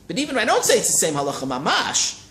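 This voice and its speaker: Animated man teaching a Talmud class. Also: high voice, rapid-fire. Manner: animated, keeps checking in with listeners. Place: study hall classroom. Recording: roomy echo, faint hiss.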